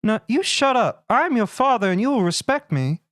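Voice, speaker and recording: A man's voice: high-pitched, a little slow, smooth, no echo, studio quality. A man playing a stern, bossy father. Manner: lecturing, bossy. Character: stern, strict male father lecturing.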